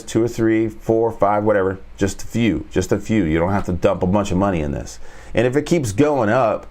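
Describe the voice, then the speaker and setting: Man, trading coach, low voice, rambling casual commentary, joking, speaks straight to viewers. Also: darkish tone. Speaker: trading coach and stream host.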